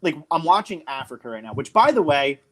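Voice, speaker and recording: Young man from New Jersey, podcast co-host, chatty and rambling, voice sits a bit high. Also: very animated, brisk. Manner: rambling, enthusiastic, lots of fillers. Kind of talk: casual podcast chat.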